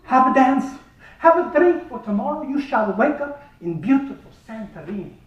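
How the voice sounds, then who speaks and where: A boastful ship captain, played by a man, announcing in a loud, grand voice. The sound is echoey and picked up from a distance. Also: very high voice, very animated, normal speed, muffled recording, pitched above the performer's own voice. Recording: echoey room from far off.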